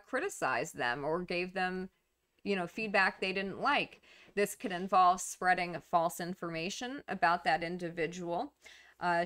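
A woman's voice: mid-range voice, a bit bright. A woman casually explaining a topic to camera in a conversational way, with fillers, restarts and small laughs. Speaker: YouTube commentator on narcissism.

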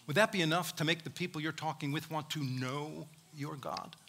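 A man's voice: a little high, normal speed, gravelly, a bit bright. A man preaching a sermon as pastor, emphatic, acting out quoted speech and calling out to the congregation.

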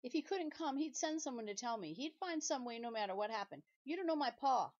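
A woman's voice: medium pitch, fairly quick, a little mellow, close to an everyday voice. A woman reading a storybook voices an earnest, stubborn young boy who talks in a raised, insistent way. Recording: dull lo-fi recording.

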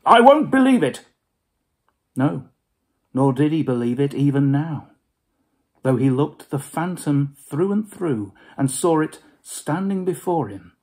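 A man giving a dramatic storybook reading, expressive and dropping to hushed whispers for suspense. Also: on the high side, unhurried, breathy edge.

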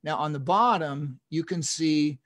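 A man's voice: fairly high pitch, a little slow, a bit bright. A man in his fifties, a dentist giving an online lecture, telling stories enthusiastically with chuckles and restarts.

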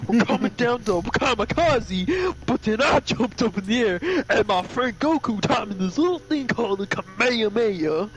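A man putting on the voice of a brash, boastful male martial-arts champion, shouting and drawing out his words. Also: sits high, lively intonation, voice pushed up. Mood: bragging. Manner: shouty, bragging, drawn-out delivery. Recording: noisy amateur recording.

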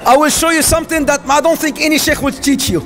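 A man giving a lively sermon about marriage, acting out small everyday scenes as he goes. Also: very high-pitched, fast, soft background music. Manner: animated, acts out little scenes. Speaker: preacher.

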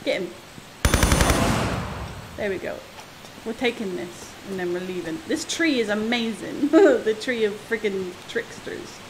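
A woman's voice: medium pitch, expressive, a little slow, long pauses. A woman streaming a video game, chatting casually, talking to the game and its creatures and laughing often. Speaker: gaming streamer. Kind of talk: casual let's-play commentary. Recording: audible background noise.

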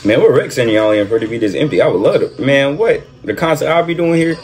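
A man doing excited reaction commentary over a basketball video, repeating himself and talking in slang. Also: mid-range voice, quick pace, faint music behind. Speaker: reaction streamer.

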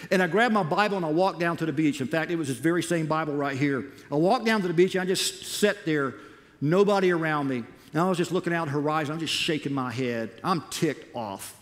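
An American missionary speaker, his voice fairly high, tells a church his own missionary story in an animated sermon, acting out what he once said. The church auditorium gives the recording a long, large-hall reverb.

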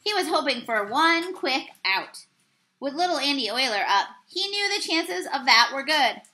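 A woman teacher reading a children's storybook aloud, expressive and acting out the characters. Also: high voice, normal speed, rough recording.

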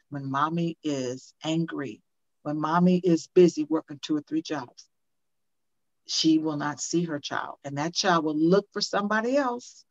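An older woman speaking as a guest in an interview, earnest and emphatic, often repeating questions for effect. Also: fairly low pitch. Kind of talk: conversational interview. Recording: dull lo-fi audio.

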